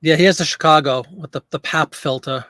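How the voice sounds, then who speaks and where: Host type, man, slightly high voice, dry close sound, loose joking live-stream banter with his chat. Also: a little fast, pushed and bright, no room sound. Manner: chatty and joking, riffs on viewers' remarks. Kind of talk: casual live-stream chat, reading viewer comments aloud.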